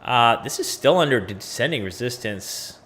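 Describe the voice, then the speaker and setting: Male livestream host, mid pitch, loose and chatty, talks straight to viewers while charting. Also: expressive, normal speed, fairly bright tone. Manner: chatty, talks to viewers, thinks aloud with fillers. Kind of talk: casual livestream chart analysis.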